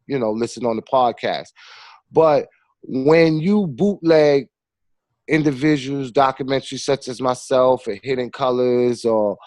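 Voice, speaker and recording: A man's voice: medium pitch, no room sound. A man, a filmmaker guest, talking casually and animatedly, full of slang and repeated fillers. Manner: animated storyteller with street slang. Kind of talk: casual conversation.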